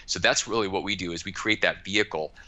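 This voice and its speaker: With a low, fast, pushed and bright delivery, this American man is a podcast guest who works as a financial advisor. He discusses money emphatically and motivationally, with plenty of repeated words.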